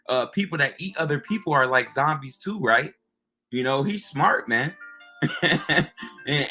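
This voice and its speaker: Forceful American man on a preaching rant. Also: mid-range voice. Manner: emphatic, drawn-out, keeps ending lines with "man". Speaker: religious channel host.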